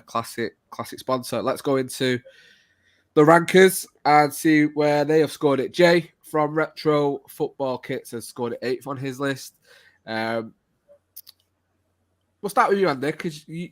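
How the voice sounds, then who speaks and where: Male host, casual, chatty, keeps the round moving. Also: mid-range voice. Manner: relaxed, chatty, asks others in turn. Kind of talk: casual podcast chat.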